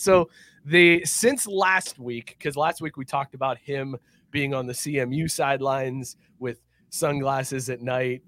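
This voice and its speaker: A man's voice: medium pitch, fairly bright tone. A man hosting a casual sports talk show, ranting and swearing and laughing often.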